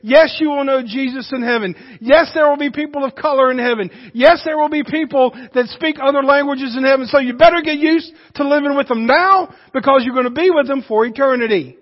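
A man's voice: very high-pitched, a little fast, few pauses. A man preaching a sermon in a church, emphatic and conversational, with joking asides to the congregation. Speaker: pastor. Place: church sanctuary. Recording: reverberant hall, dull muffled sound.

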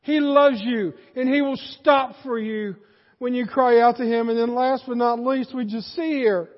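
A male pastor preaching a sermon, animated, swinging between shouts and hushed asides. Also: very high-pitched, moderate pace. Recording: dull sound, long hall reverb.

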